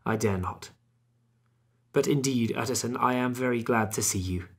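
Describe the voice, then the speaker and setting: A man voicing a gloomy, frightened Victorian doctor, speaking low and wearily in a husky voice. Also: moderate pace. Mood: dreary. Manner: low, weary and drearily quiet.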